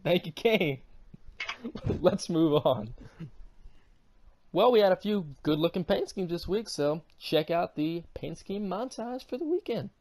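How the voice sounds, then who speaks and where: A woman's voice: on the low side, animated, a little slow, long pauses, a little mellow. A woman co-hosting a casual podcast, brash, profane and teasing as she gives her commentary. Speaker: podcast co-host.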